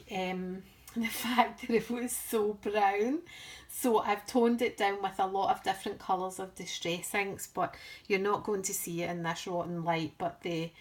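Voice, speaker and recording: A woman from the United Kingdom talks through her craft work at an unhurried, easy pace. Her voice sits in a middle pitch, and she rambles a little and pokes fun at her own skills as she goes. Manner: chatty and rambling, self-deprecating. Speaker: craft vlogger. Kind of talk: casual craft show-and-tell.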